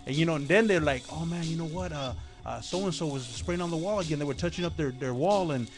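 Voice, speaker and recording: A man telling stories as an interview guest, switching into quoted voices and swearing freely. His voice sits slightly high for a man. Music plays clearly behind him throughout. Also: quick pace. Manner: animated storyteller acting out quoted voices, profane. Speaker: graffiti artist guest. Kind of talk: casual storytelling in interview.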